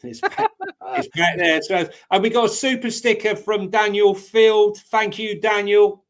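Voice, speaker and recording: A man's voice: high-pitched, fairly even intonation, unhurried. A man co-hosting a casual live stream, laid-back and jokey, with many ums and uhs. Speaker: co-host.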